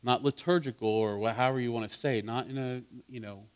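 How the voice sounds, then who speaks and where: A man's voice: mid-range voice, fairly even intonation, a little fast. A man preaching in a conversational way, asking his listeners questions and building to fervent emphasis. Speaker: pastor teaching a Bible study. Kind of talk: interactive sermon.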